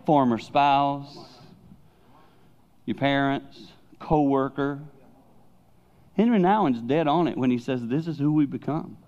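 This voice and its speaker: An older man preaching to a congregation, his delivery animated as he leans into loud, emphatic lines and then drops to quiet, confiding asides. He sits at an ordinary mid pitch. The recording is dull and lo-fi. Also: slow pace, pauses often. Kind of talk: sermon.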